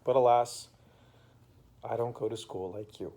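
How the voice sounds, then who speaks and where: A man voicing a kind, gentle old gentleman who speaks in a friendly, comforting, slightly sing-song way in an improvised bedtime story. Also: medium pitch, fairly even intonation, measured pace, creaky.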